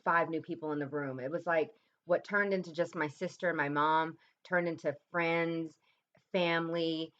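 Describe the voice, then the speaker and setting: A woman in her thirties speaking to camera in a personal vlog, telling a painful story in a halting, reflective way with many pauses and restarts, her voice dropping low and soft at the hardest moments. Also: highs cut off. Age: 30s. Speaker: vlogger.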